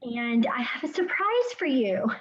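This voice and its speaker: A woman's voice: a little high, big pitch swings, measured pace, slight background noise. A woman leading a team video call, emotional and heartfelt. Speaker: team leader. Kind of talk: casual team meeting talk. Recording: dull lo-fi call audio.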